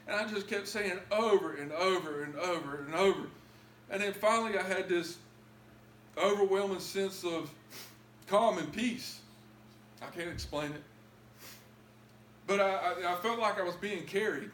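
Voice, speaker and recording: Man preaching a testimony, high voice, emotional and pleading, echoey church room, faint room noise. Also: moderate pace, pauses often, fairly bright tone. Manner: emotional, rising to pleading highs. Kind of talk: testimony sermon.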